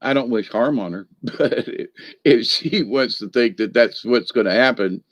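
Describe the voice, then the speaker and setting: A northern US man in a mid-range voice at normal speed hosts a spiritual livestream that rambles, recorded dry. He reads viewer comments, greets people by name, and laughs a lot in a folksy, feisty manner.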